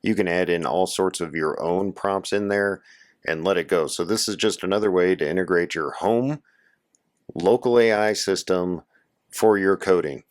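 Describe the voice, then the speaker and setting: A man with a hoarse voice from a cold, casually walking viewers through a software setup as a tutorial host. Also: low voice, normal speed. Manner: casual, instructive, addresses viewers as guys. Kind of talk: screen-share tutorial walkthrough.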